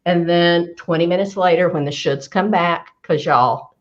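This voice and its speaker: A woman career coach giving advice on a live show, emphatic and animated, repeating her key phrases for effect. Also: fairly low pitch, normal speed, highs cut off.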